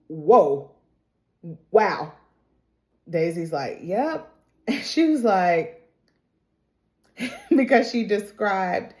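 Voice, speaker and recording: A woman's voice: on the low side, a little mellow. A woman casually recapping a TV episode, telling it as chatty gossip, acting out quotes and laughing often. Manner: chatty storytelling, acts out quotes; laughs often while talking. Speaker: TV recap vlogger.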